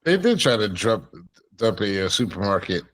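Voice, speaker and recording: A man's voice: on the low side, sing-song, normal speed, fairly bright tone, poor audio. A man hosting a podcast, chatting casually and playfully with his co-hosts. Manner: playful, introduces guests with flourish. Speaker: podcast host. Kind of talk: casual chat.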